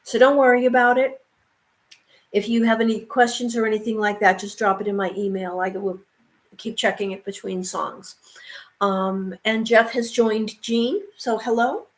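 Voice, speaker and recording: A woman's voice: fairly high pitch, fairly even intonation, moderate pace. A woman teaching ukulele on a live stream, chatting casually and encouraging the viewers as she talks them through a song. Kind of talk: casual instruction and sing-along.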